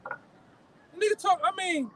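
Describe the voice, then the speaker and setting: A man reading scripture slowly outdoors, then talking casually in slang. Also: very high-pitched, fairly bright tone, a little hiss or hum, rough recording.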